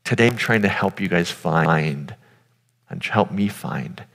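Speaking directly to his listeners, this man gives a sincere, casual sermon in a low, gravelly voice that is expressive, unhurried and fairly bright. Long hall reverb surrounds the conversational delivery.

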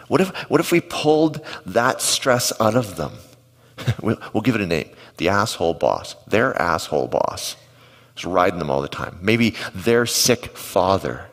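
A pastor with a fairly low voice gives a conversational sermon in a church auditorium. He tells stories and throws questions out to the congregation. His voice rings with a long hall reverb. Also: sing-song, unhurried. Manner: conversational storytelling with asides to the congregation.

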